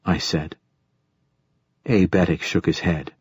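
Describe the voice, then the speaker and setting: A male audiobook narrator reads first-person fiction in a measured, steady way. His voice is deep with a husky, breathy grain, and the sound is dry and close, with no room around it. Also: no room sound.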